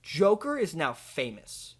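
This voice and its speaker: A young man hosting a comedy video, pitching an absurd movie in a rambling, deadpan way full of fillers. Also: a little slow, slightly rough.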